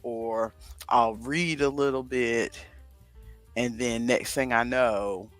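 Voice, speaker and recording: This co-host of a casual livestream speaks slowly in a medium-pitched, fairly bright voice with fairly even intonation. Thinking aloud, he rambles his way through a crossword, with no room sound and soft background music.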